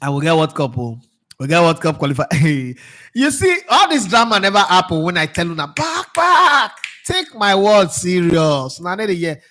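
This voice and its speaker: A Nigerian man with a Nigerian accent, hosting a casual football commentary show, who talks in an animated way, drifts between Pidgin and English and laughs often. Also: fairly high pitch, fairly quick. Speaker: sports show host.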